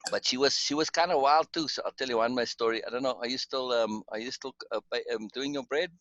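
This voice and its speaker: A man's voice: medium pitch, fast talker, a bit bright, no echo, highs cut off. A man telling stories in casual chat, rambling, restarting often and chuckling. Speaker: storyteller.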